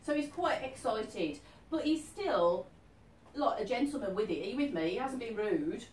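A woman's voice: a little high, expressive, normal speed, darkish tone. A chatty woman in her fifties gives a live stage reading to an audience. She keeps checking in with her listener. Her voice carries from a distance in an echoey hall with a faint hiss behind it. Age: 50s. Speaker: medium. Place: event hall.

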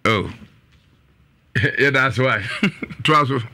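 A man hosting a live show, reading out listener greetings in a drawn-out, loud delivery. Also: mid-range voice. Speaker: radio and TV show host.

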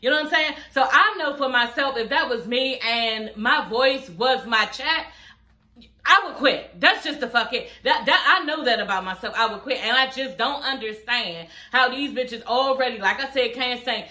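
A woman's voice: a little high, normal speed, few pauses, bright, forceful tone, roomy sound. A young woman, blunt and profane, recapping a reality show in a casual, sassy chat. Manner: sassy, blunt and profane, laughing through the retelling.

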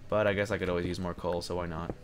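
Deep-voiced and rapid-fire, he barely moves his pitch as he gives chatty, rambling Let's Play commentary and yelps when monsters jump him. He's a young gaming video host, and there's background noise.

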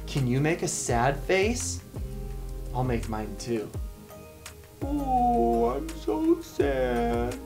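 A woman's voice: rumbling low, a little mellow. A woman hosting a children's bedtime story show, reading picture books aloud in a playful, encouraging way that invites the listener to join in.

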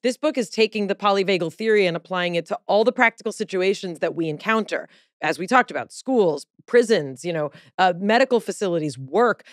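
A woman hosting a podcast, animated and jokey in casual chat. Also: mid-range voice, dry recording, clean studio sound. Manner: animated, jokey, quick to laugh. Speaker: podcast host.

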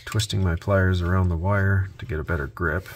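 A man hosting a repair video, narrating his work out loud with dry little jokes to himself. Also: sits low, steady tone, moderate pace, a little hiss or hum. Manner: self-talk with dry jokes. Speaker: host.

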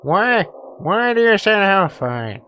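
A man's voice: sits high, sing-song, a little slow, sharp tone, a little hiss or hum, pitched above the performer's own voice, full character voice. A man doing an impression of a middle-aged cartoon dad, commentating a horror game in a hesitant way. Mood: panicked. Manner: hesitant, many uhs, yelps in panic. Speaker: gameplay commentator. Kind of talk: Let's Play commentary in an impression voice. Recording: music playing behind.

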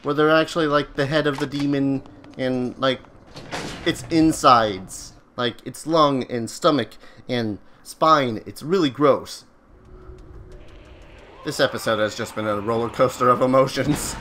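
Man, let's player, wisecracking game commentary, jumpy exclamations, loud gunfire behind. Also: medium pitch, a little slow, pauses often, a little hiss or hum. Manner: joking, exclaiming, easily startled. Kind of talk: gameplay commentary.

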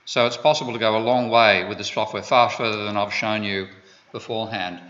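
A man's voice: fairly low pitch, steady tone, a little fast, a bit bright. An Australian man giving an economics lecture, digressive and full of wry asides. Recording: dull lo-fi lecture recording.

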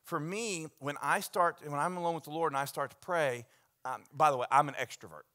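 A pastor in his church gives a sermon with a bright, clear tone. He tells stories animatedly, sometimes dropping to a near hush and sometimes rising to loud, excited bursts. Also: a little high, a little fast. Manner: animated storytelling, swings from hushed to loud. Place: church sanctuary.

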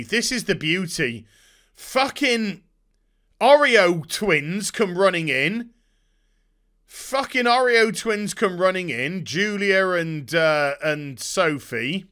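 A man's voice: high voice, big pitch swings, slow pace, sharp tone. A man giving a profane, sarcastic rant about a TV show. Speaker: YouTube TV reviewer. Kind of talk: ranting TV review.

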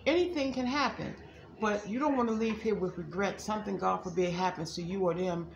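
A woman's voice: mid-range voice, a little fast, creaky, lo-fi sound. Woman, psychic reader, folksy chatter, echoey room, faint hiss. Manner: chatty, folksy, addresses viewers as y'all. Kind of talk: casual livestream reading.

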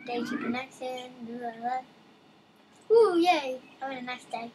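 High-voiced young woman gaming chatter. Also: measured pace, background noise. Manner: chatty, reads game text aloud, excitable asides. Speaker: let's play gamer. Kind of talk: casual game commentary.

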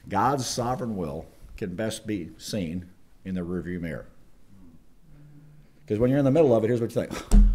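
A man preaching a chapel sermon, lively and acting out quoted voices. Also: fairly low pitch, brisk, long pauses, slight background noise. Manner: animated, acts out quoted voices. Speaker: chapel speaker. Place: college chapel.

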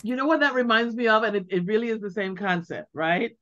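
A middle-aged woman, a guest on an interview, giving heartfelt advice in an animated way and acting out the questions she suggests. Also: a little high, fast talker, slight background noise. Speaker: interview guest, grieving mother. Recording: dull lo-fi sound.

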